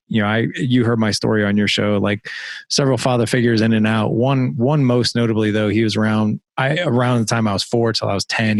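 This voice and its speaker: A middle-aged man hosting a podcast in casual conversation, animated and quick to joke and laugh. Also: lowish voice, no room sound. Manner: animated, joking, laughs often. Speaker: podcast host.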